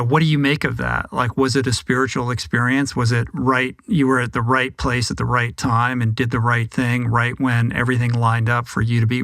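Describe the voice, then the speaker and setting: A man hosts a podcast interview and asks probing, reflective questions. His voice has a gravelly grain to it, and the recording is close and dry. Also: mid-range voice, a bit bright, dry recording. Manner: thoughtful, probing questions, brief backchannels. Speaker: podcast host. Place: podcast studio.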